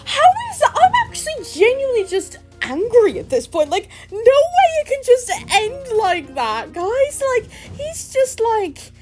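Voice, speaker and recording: Brief: exasperated young woman streamer, slow-paced, very high voice, faint music underneath. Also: huge pitch swings, a little mellow. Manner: emotional, exasperated, laughs often. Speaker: game streamer. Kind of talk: reacting to a story game.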